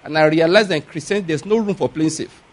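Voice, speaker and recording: Middle-aged male pastor, slightly high voice, emphatic sermon delivery. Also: fast talker. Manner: earnest, emphatic, repeats points and checks with listeners.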